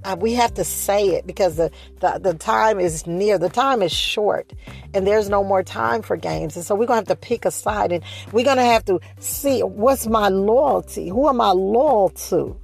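A woman preaching a sermon, speeding up and slowing down, stressing and repeating her phrases. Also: medium pitch, gravelly, a little mellow, soft background music. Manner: preaching with shifting pace, rising emphasis and repeated phrases.

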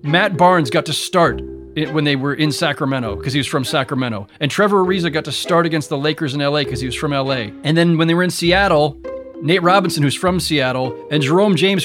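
A sports journalist being interviewed, telling stories in an animated, emphatic way. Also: male voice, a little high. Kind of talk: interview recollection.

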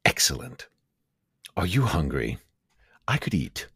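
A man voicing a gracious, courtly male vampire in a slow deep voice. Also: very animated, fairly bright tone, slightly rough, dry recording, studio quality, full character voice.

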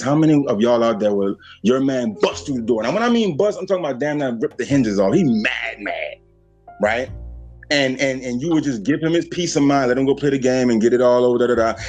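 A man hosts a casual podcast, swearing freely and lecturing his listeners directly in a preachy, profane manner. His voice is mid-range with a darkish tone.

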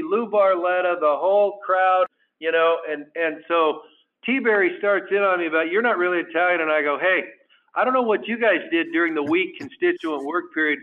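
High-voiced man telling a story over a tinny line. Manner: chatty, animated storyteller acting out dialogue. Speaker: congressman guest. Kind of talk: casual anecdote telling.

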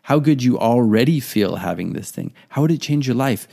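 A podcast host and artist delivers an earnest, casual monologue, sometimes acting out quoted inner voices. His mid-range voice is warm and creaky, animated, and paced normally.

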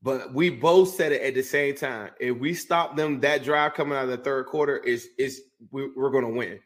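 A man casually telling a lively story, full of fillers and restarts, acting out what people said. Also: medium pitch, normal speed. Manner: animated storyteller, acts out quotes, many fillers and restarts. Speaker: guest recounting a game. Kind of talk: casual chat.

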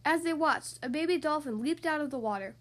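High-pitched female host reading picture books aloud to children, expressive. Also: fairly quick. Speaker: podcast host and reader.

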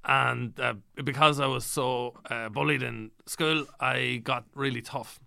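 An Irish man riffs deadpan through an improvised comedy chat, keeping up a put-on showbiz persona. His voice is sharp and gravelly, and the recording is close and dry. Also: mid-range voice, a little slow, no echo. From Ireland. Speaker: comedy podcast guest.

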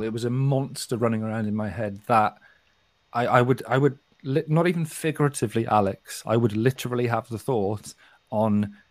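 A middle-aged man from England with a softened West Midlands accent, talking frankly and swearing often as a podcast co-host. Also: mid-range voice, no echo. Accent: softened West Midlands English. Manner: frank and sweary, with frequent restarts. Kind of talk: casual podcast chat.

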